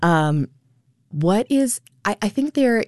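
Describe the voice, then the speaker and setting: A woman stage actor talking about her career in a radio interview, lively and laughing, acting out quotes as she goes. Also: medium pitch, slow pace, no echo, clean studio sound. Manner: animated, laughing, acts out quotes.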